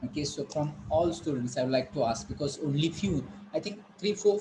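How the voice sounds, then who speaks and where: Indian English teacher in a noisy online class. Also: male voice, medium pitch. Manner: instructive, repeats words, asks students questions.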